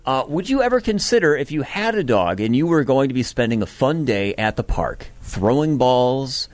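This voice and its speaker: A morning radio host with a medium-pitched, sing-song voice chats playfully and musingly with the weather presenter. He talks at normal speed, and the recording is dry.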